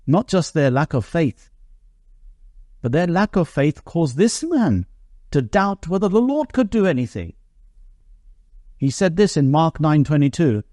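A man preaching a sermon, reading Bible verses in an earnest voice that slows and lifts on the quoted lines. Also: a little high, dark tone, no echo, studio quality.

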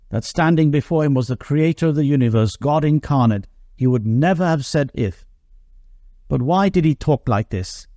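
A man preaching a sermon, reading Bible verses in an earnest voice that slows and lifts on the quoted lines. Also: on the high side, mellow, dry recording, studio quality.

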